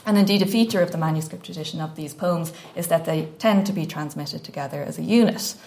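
Low, gravelly-voiced woman presenting research. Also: darkish tone. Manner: measured, careful delivery with frequent ums. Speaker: academic conference speaker. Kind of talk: reading a scholarly paper. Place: conference lecture room.

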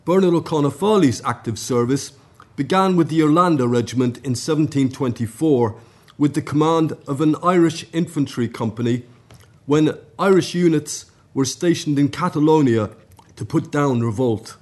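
A man at a conference, reading out a formal academic paper in a measured way. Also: fairly high pitch, darkish tone. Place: conference room.

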